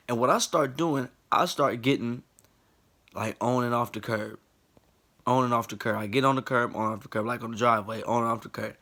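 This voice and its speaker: A man in his late twenties telling a funny personal story in a casual, animated way, laughing and acting out the people in it. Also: medium pitch. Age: late 20s.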